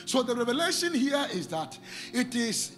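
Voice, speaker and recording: A man preaching a sermon, calling out to the congregation and rising into shouted, sing-song lines. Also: very high-pitched, sing-song, moderate pace, soft background music.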